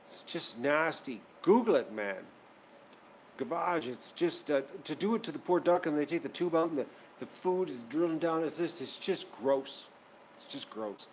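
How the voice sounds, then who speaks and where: The channel host's voice is on the high side and expressive, moving at a normal speed with a little hiss or hum in the recording. Talking casually to his viewers, he rambles and repeats himself as he grows more heated.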